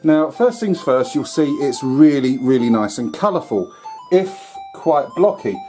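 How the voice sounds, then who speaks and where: A man talks through an old computer game in a loose, rambling way, full of ums and the odd curse. His voice is mellow and relaxed, at a middling pitch. Faint game music plays behind him. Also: unhurried. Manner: rambling, filler-heavy, mild swearing. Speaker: retro gaming YouTuber. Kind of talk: casual gameplay commentary.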